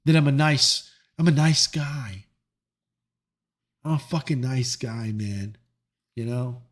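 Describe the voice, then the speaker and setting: A man hosting a live stream, chatting casually with viewers in a joking, profane and animated way. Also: medium pitch, slow. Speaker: livestream host reading chat.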